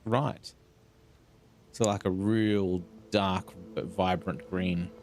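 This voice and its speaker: A man's voice: low voice, fairly even intonation, very slow, darkish tone, a little hiss or hum. A man streaming a game, chatting casually and joking with a friend. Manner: joking, laughs at his own lines. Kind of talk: casual gaming chat.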